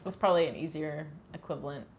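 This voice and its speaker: Woman with a mild Canadian accent, a touch low-voiced, giggly and self-mocking, as a livestream host chatting with her viewers, faint noise behind her. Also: fairly even intonation, fast, gravelly. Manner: giggly, self-deprecating, laughs often. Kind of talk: casual live chat reading viewer messages.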